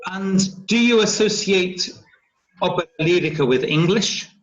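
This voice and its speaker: Slow, patient male teacher on a call. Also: sits high. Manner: slow, patient, checks understanding with "yeah?". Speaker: English teacher. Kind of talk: online phonetics lesson. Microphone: video call. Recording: dull lo-fi video call audio.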